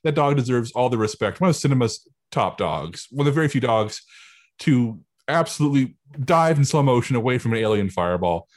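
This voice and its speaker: A man's voice: mid-range voice, animated, fairly quick. A man in a casual movie podcast chat, riffing in jokey rants.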